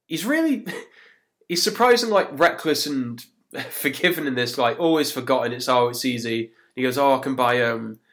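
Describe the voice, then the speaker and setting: A man's voice: mid-range voice, animated, moderate pace, a bit bright. A man hosts a casual podcast, talking through an episode scene by scene. He keeps a loose, chatty flow. He laughs often and slips into quoted lines. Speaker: podcast host. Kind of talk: casual chat recapping an episode.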